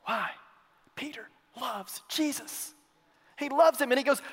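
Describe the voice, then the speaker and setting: A male pastor preaching in a church with a strikingly high voice. He swings from loud declarations to hushed asides and repeats his phrases. Long reverb from the hall hangs behind every line. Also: unhurried, pauses often, slightly rough. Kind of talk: sermon.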